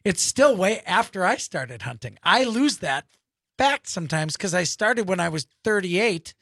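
A man's voice: high voice, big pitch swings, measured pace, gravelly, a bit bright, no room sound, clean studio sound. A man in his fifties from Wisconsin, hosting a casual radio talk show, joking and rambling with his co-hosts. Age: 50s. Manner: jokey, rambling, laughs often. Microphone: studio microphone.

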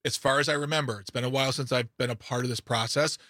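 A male talk radio host with a bright, forward voice, heard in a dry, close studio with no room sound at all. He chats loosely, jumps into sarcastic asides and trips over his words as he restarts sentences. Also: mid-range voice, fairly even intonation, quick pace, no echo. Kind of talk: casual political radio chat. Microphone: studio microphone.

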